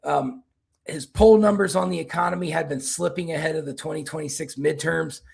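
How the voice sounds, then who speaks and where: Gravelly-voiced man rambling about politics. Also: on the high side, a little fast, darkish tone. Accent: Kentucky. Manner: rambling, repeats and restarts words. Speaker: political commentary host. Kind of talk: casual political commentary.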